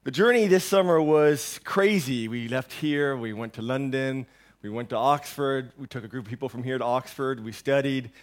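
A man's voice: mid-range voice, moderate pace. A man in his thirties preaching a rambling, self-deprecating sermon, while sick with a sore throat and medicated. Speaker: pastor. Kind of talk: conversational sermon. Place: church.

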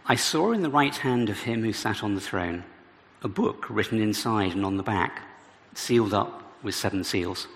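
A man's voice: fairly low pitch, lively intonation, normal speed. A man preaching an expository sermon, reading scripture aloud and adding dramatic emphasis as he explains it. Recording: reverberant hall with faint background noise.

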